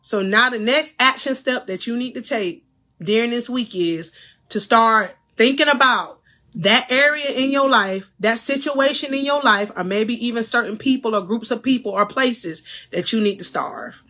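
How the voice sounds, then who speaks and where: Fervent, bright-voiced female life coach. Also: a little high, normal speed. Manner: fervent, preachy, addresses viewers directly; laughs between phrases. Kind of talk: faith-based motivational livestream.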